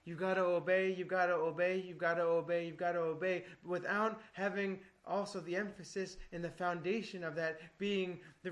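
A man with a notably high voice preaches in an earnest, exhorting way. He often repeats a phrase several times to drive the point home. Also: a bit bright. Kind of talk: sermon.

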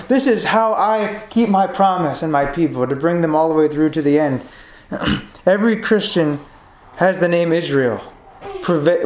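An earnest preacher delivers a sermon in a roomy, echoing sanctuary. The voice sits at a middle pitch, reading scripture slowly and deliberately. The points build through emphatic repetition. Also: a little mellow. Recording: roomy echo.

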